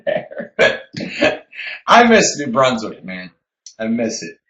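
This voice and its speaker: A man's voice: medium pitch, huge pitch swings, a little slow, bright, forceful tone, roomy sound, dull audio. A man co-hosting a business talk show, emphatic and preachy, repeating phrases for effect. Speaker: podcast co-host.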